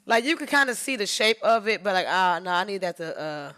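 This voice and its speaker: Woman, photographer, live-stream commentary, excitable, swears a lot, bright crisp tone. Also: mid-range voice, brisk. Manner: excitable, swings from loud outbursts to hushed murmurs; profane, talks to herself. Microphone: streaming setup mic.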